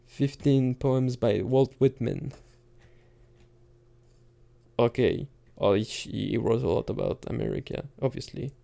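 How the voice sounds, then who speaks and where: A man's voice: medium pitch, slow, gravelly, long pauses, dark tone. A man in casual thinking-aloud commentary, muttering asides as he types and reads lines aloud while gaming. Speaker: gamer reading poetry into a game.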